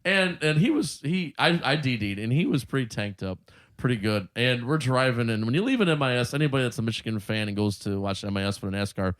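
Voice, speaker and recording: Animated laughing storyteller man from Ohio. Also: medium pitch, fast. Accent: Northwest Ohio. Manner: animated storyteller, acts out voices, laughs often. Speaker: podcast host. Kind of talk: casual chat.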